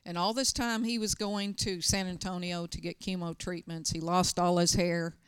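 A woman's voice: on the low side, little pitch movement, moderate pace, smooth, no echo, studio quality. A middle-aged woman pastor preaching a sermon, telling stories with emphatic, urgent bursts. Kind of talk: sermon with personal storytelling.

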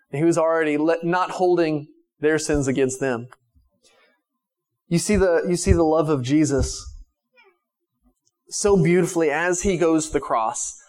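A male pastor preaching a conversational sermon who retells Bible scenes in casual everyday language. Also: on the high side.

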